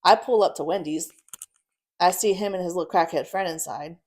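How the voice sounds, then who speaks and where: A young woman tells her story as a guest in a casual chat, blunt and full of swearing, and she laughs often. Her voice sits a little low for a woman. She gets loud and animated when the story heats up. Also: brisk.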